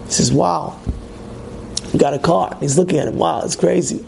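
A man, a rabbi, giving an animated sermon on the weekly portion, asking rhetorical questions and acting out voices of complaining people. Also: moderate pace, creaky, a little hiss or hum. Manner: animated storytelling, acts out complaining voices in loud high shouts; repetitive, rhetorical questions to the listeners.

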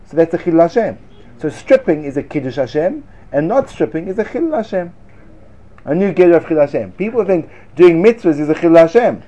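A man giving a lively Torah class to students, sarcastic and quick to laugh at his own points. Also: fairly high pitch, dull audio. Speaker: Torah teacher.

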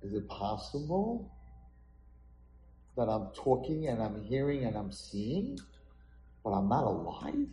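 A man's voice: fairly high pitch, lively intonation, fast, few pauses, roomy sound, a little hiss or hum, natural voice, rough recording. A man voicing a stubborn teenage boy who keeps pleading to be let go. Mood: bewildered. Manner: insistent, pleading shouts.

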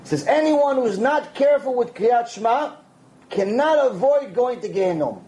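Animated high-voiced man giving a Torah lecture. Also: moderate pace. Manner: animated, conversational, acts out quoted voices. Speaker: rabbi.

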